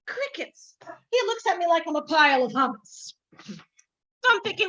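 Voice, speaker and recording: Woman acting as a self-absorbed radio host, comedic parody, whiny, swooping lively voice, high pitch. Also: dry recording, lo-fi sound, full character voice. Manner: boastful, whiny, melodramatic. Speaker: comic actor.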